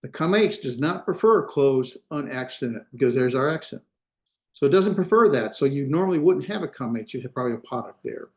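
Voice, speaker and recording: Teaching his online class over a video call with a computer mic, a Hebrew instructor talks briskly with lively intonation. His voice is medium-pitched, the sound roomy, and his step-by-step explanation is peppered with fillers and restarts.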